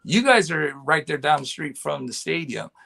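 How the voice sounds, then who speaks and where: A man on a casual podcast chat, talking with excited, rambling energy. His voice has a gravelly texture and sits a little high. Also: moderate pace. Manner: excited, rambling fan talk. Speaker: podcast guest.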